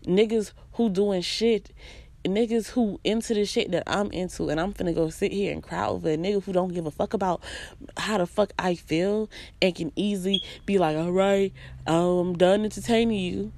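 A woman's voice: mid-range voice, fairly even intonation, moderate pace, gravelly, darkish tone. A woman giving a blunt, profane, emphatic personal monologue, hammering her points home with repeated phrases. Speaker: vlogger.

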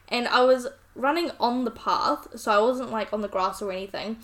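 A woman's voice: a little high, a little fast, few pauses. A young woman from New Zealand with a New Zealand accent, co-hosting a podcast and reacting with gasps and exclamations. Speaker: podcast co-host. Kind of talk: casual chat.

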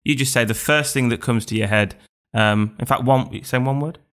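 A man's voice: medium pitch, brisk, fairly bright tone. Laid-back man co-hosting a podcast. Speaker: podcast co-host. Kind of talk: casual interview chat.

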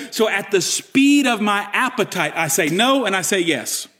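Man, pastor, high voice, lively emphatic sermon delivery. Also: moderate pace, few pauses. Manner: animated, emphatic preaching with acted-out inner dialogue.

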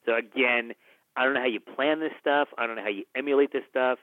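A man, a film director who is a guest on the show, telling stories in conversation, animated and acting out the people he quotes, with many restarts. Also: medium pitch, fast, no room sound. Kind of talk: conversational storytelling. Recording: dry, phone-like narrow band.

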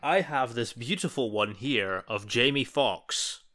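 A man's voice: medium pitch, a little slow, pushed and bright. A man co-hosting a film podcast who chats casually and gives blunt opinions, swearing freely. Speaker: podcast co-host.

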